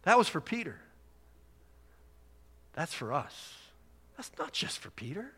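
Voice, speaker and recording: A man's voice: a little high, sing-song, a little slow, pauses often, a bit bright, breathy edge, long reverb tail. A man preaching a sermon, chatting along casually and then building to emphatic exhortation. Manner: conversational, rising to emphatic exhortation. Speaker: pastor.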